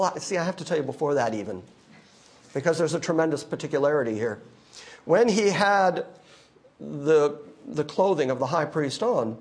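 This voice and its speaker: A male pastor preaching a sermon, emphatic, moving between quiet asides and loud declarations. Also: a little high.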